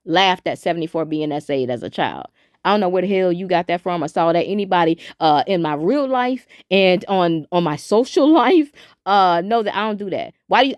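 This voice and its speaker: A woman's voice: on the low side, dry recording, studio quality. A woman commentary host, casually reading messages aloud to viewers, cussing and talking to them directly. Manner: animated, cussing, talks to viewers as y'all. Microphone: phone.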